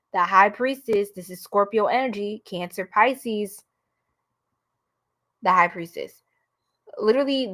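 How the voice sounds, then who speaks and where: A woman with a New York accent giving a blunt, animated live tarot reading, talking straight to her viewers. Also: medium pitch. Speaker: tarot reader.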